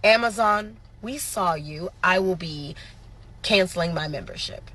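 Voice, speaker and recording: A woman's voice: lowish voice, unhurried, pushed and bright. A woman delivering an angry, profane social media rant straight to her followers. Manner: furious, profane, emphatic.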